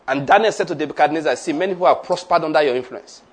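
A man's voice: on the high side, very fast. A male preacher delivering a sermon, leading the congregation in repeated declarations. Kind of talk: sermon with call-and-response.

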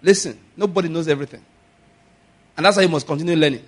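A man preaching a sermon, telling stories and acting out the people in them with sudden shouts. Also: fairly high pitch, fast talker. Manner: storytelling, acts out quoted voices with sudden shouts. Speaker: pastor.

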